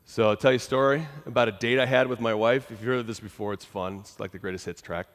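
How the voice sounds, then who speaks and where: A middle-aged man giving a motivational talk, telling a personal story to a live audience in a conversational, animated way and often asking the crowd questions. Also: mid-range voice, fast talker. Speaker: motivational speaker. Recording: long hall reverb.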